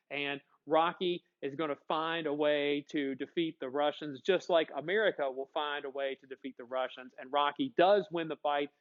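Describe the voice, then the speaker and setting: A man's voice: a little high, highs cut off. A man teaching a history class, chatty and joking, often asking his students questions. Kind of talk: classroom lecture.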